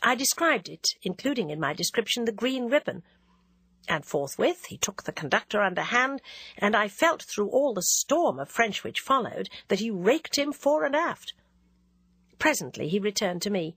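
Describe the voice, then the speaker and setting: A woman's voice: medium pitch, sing-song, moderate pace, a bit bright, breathy edge, dry recording. Woman reading a classic novel aloud. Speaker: audiobook narrator. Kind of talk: scripted narration of a classic novel.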